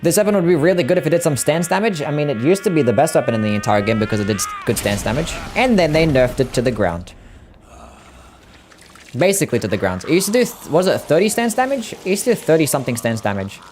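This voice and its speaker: Australian man, young, laid-back, sweary, lively pitch, faint game music behind. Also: fast talker. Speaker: streamer. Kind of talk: casual chat while gaming.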